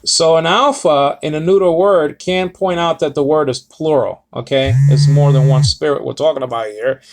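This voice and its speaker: Man with a somewhat high voice, talking through a Greek word study off the cuff and full of ums and restarts. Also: moderate pace, a little hiss or hum. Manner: rambling, self-correcting, many fillers. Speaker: Bible teacher. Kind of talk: casual Greek word lesson.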